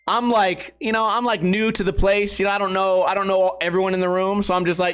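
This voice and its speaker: A man's voice: high voice, fairly quick, smooth. A man in his thirties, a vlog host, telling rambling stories in a slangy, swearing, casual way, laughing often and losing his train of thought. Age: 30s. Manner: slangy and animated when retelling stories.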